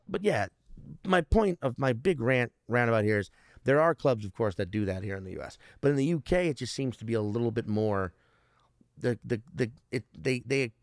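A man's voice: mid-range voice, lively intonation, normal speed, no room sound, clean studio sound. A man, a stand-up comedian, chatting casually as a guest; he rambles, swears often and restarts his sentences. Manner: rambling, profane, many restarts. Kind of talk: casual podcast chat.

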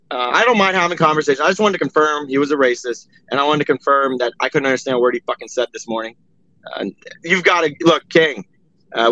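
A man's voice: on the high side, fairly bright tone, no echo. A man hosting a heated live audio chat, profane and mocking, with a lot of "uh" fillers. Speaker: space host. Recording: dry, dull lo-fi audio.

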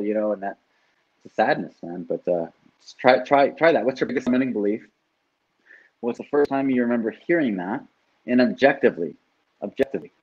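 A man's voice: lowish voice, darkish tone, highs cut off. A man who works as a life coach, talking casually and animatedly, swearing now and then and often asking "right?". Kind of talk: casual podcast conversation.

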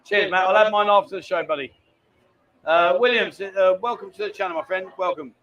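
A man's voice: sits high, fairly quick, a bit bright, muffled recording. A man hosting a casual live stream from a lounge bar, chatting with viewers and reading their messages aloud. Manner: chatty, reads viewer messages aloud, calls people mate. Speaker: livestream host.

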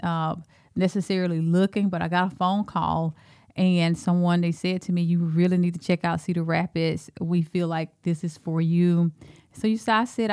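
A woman's voice: lowish voice, warm tone, clear, resonant tone, no room sound, clean studio sound. A woman with a Southern Alabama accent, a school superintendent speaking earnestly as a podcast guest. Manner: earnest, measured storytelling. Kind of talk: podcast interview.

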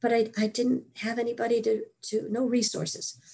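An older woman, a guest author, telling her story in an interview with lively asides and frequent laughs. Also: on the high side, moderate pace, gravelly, breathy edge. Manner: animated storytelling, laughs often.

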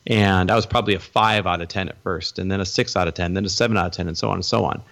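A man's voice: low voice, steady tone, very fast, gravelly, fairly bright tone. A middle-aged man telling his story as a guest in an interview, acting out the voices of the people he quotes.

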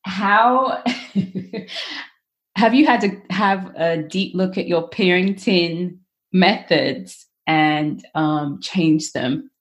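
A woman interviewing a guest, animated and quick to laugh as she shares her own view. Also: lowish voice. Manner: animated, laughing easily, warm agreement. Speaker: interviewer, host. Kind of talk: candid conversational interview.

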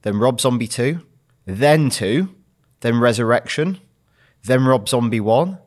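A man co-hosts a casual film chat, his pitch rising and falling with lively expression. He picks scenes apart and guides the conversation from topic to topic. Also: measured pace. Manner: analytical, steers the discussion. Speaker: podcast co-host.

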